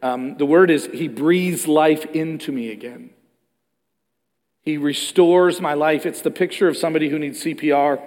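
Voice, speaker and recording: A man preaching a sermon with animated delivery, moving between loud emphatic passages and hushed ones. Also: on the high side, normal speed. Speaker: pastor. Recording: long reverb of a large hall.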